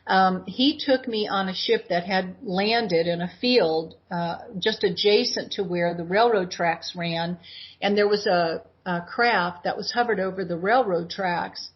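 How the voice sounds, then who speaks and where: A woman in her sixties, a guest in an interview, telling her personal story in an animated way and acting out what she said back then. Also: lowish voice, unhurried, husky. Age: 60s. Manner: animated retelling that acts out her own past words. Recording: dull lo-fi audio.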